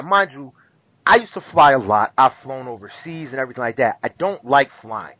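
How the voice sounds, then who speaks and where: A man telling a rambling, profane story in casual chat, animated and full of restarts. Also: mid-range voice, brisk, no echo. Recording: dull lo-fi recording.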